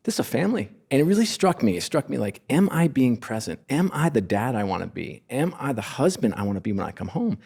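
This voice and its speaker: A man's voice: mid-range voice, sing-song, a little fast, vocal fry, few pauses, a little mellow, breathy edge. A middle-aged man, a podcast guest from sports business, telling stories in an earnest, effusive, self-deprecating way. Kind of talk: casual conversational storytelling.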